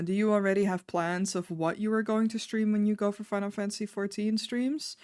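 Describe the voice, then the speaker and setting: A woman's voice: medium pitch, darkish tone, dry recording, clean studio sound. A woman streaming casually, chatting with her viewers in a rambling, offhand way and swearing now and then.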